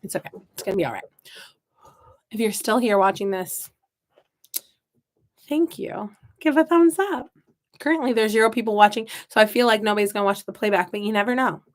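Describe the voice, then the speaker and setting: A woman from the Midwest putting on a Southern accent, chatting and joking to her viewers and talking to her seedlings as she works. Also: medium pitch. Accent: put-on Southern US. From American Midwest. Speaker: gardening channel host. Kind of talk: casual live-stream chat while working.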